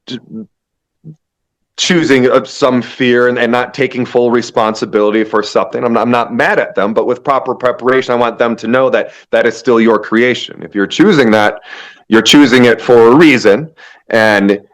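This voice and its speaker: A man's voice: medium pitch, steady tone, moderate pace. A man speaking as a shaman guest in an interview, emphatic and preachy, often restarting his sentences. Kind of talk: spiritual interview talk.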